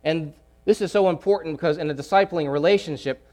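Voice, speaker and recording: A man preaching a sermon, emphatic, repeating key phrases and swinging between loud pushes and hushed asides. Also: a little high, lively intonation, fairly quick, hardly any pauses.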